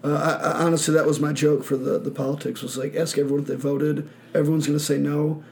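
A man from Michigan hosting a podcast, chatting casually, joking and swearing, and putting on high mocking voices for other people. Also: flat delivery, fast talker, darkish tone, slight background noise. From Michigan, USA. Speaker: podcast host.

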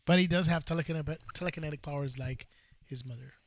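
A man's voice: on the high side, quick pace, no echo. A man co-hosting a podcast, telling stories in an enthusiastic, casual way. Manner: enthusiastic, storytelling, says "dude" often. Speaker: podcast co-host. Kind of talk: casual chat.

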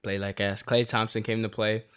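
A young man in his twenties with a lowish voice rants in casual chat. His delivery is animated and heavy on slang and swearing. He sounds loose and unscripted throughout. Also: normal speed, smooth. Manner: animated, profane, slangy storytelling.

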